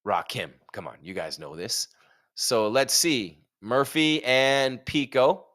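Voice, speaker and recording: A man's voice: medium pitch, animated, takes it slowly, fairly bright tone. A man hosting a live fight stream, chatting casually with jokes and rhetorical questions. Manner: reads sponsor ad.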